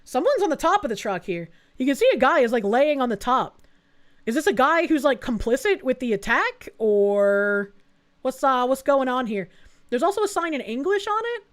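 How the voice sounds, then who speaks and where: High-voiced woman, blunt and sarcastic. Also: sing-song, normal speed. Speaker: streamer. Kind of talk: live reaction commentary.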